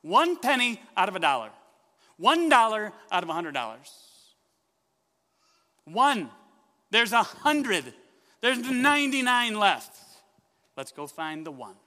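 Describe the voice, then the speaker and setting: A man preaching a sermon in church, telling a story with lively questions to the congregation. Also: high voice, takes it slowly, long pauses, big-room sound. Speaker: pastor.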